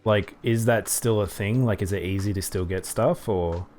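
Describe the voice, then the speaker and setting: A man's voice: on the low side, moderate pace, a little mellow. A man streaming a game, chatting casually and rambling with lots of fillers while he plays. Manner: rambling, filler-heavy, thinks aloud while playing. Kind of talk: casual gameplay chat.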